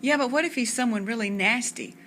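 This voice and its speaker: A woman voicing an excitable young girl who chatters eagerly about movies and mysteries. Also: a little high, a little fast, a little hiss or hum, pitched above the performer's own voice, natural voice. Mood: excited.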